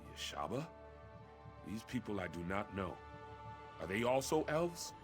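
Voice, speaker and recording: An earnest young warrior prince, formal and urgent, worried for his brother. His voice sits somewhat low. Soft game music plays underneath. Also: very animated, a little slow. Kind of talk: video game voice acting.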